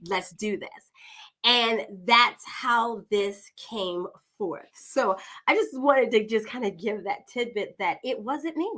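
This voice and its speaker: Slow-talking chatty woman podcast host. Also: a little high, expressive, a bit bright. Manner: chatty, digressive, addresses listeners as "y'all". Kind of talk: warm, chatty podcast introduction.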